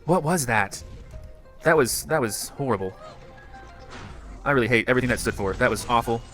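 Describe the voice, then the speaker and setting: An excitable man yelling at a game. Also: medium pitch, normal speed, faint music behind. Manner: loud outbursts of frustration. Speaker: gamer. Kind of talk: excited gameplay reaction.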